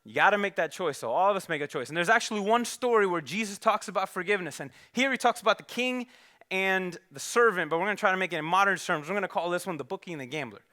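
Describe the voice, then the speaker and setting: A man's voice: high voice, quick pace. A man preaching a sermon, telling a story in a conversational way and acting out the characters. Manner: animated, conversational, acts out characters. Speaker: pastor. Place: church.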